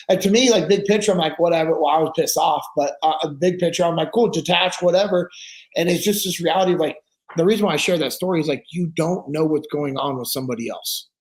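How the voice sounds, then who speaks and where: Storytelling man with a raised pitch. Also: steady tone, brisk, poor audio. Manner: storytelling, acting out quoted dialogue. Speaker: podcast guest. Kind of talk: casual conversation.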